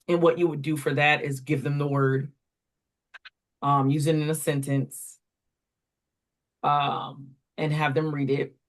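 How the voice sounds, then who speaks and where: A woman walking through reading correction steps as a tutor trainer, explaining step by step with fillers while pointing at examples. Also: low-pitched. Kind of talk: instructional walkthrough.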